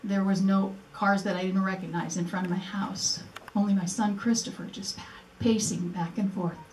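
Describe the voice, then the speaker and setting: Speaking earnestly at a memorial event, an older woman tells her personal story, acting out dialogue she remembers. Her voice is medium in pitch, a little mellow, with fairly even intonation and a moderate pace. The museum presentation room is echoey, the mic is distant, and there's slight background noise.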